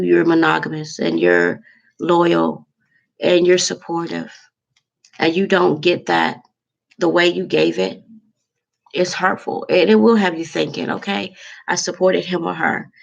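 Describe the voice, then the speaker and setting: Woman vlogger, really gravelly fry voice, heartfelt and halting, kinda teary. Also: on the low side, highs cut off. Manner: emotional, heartfelt, halting with many fillers. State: close to tears. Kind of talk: candid to-camera monologue.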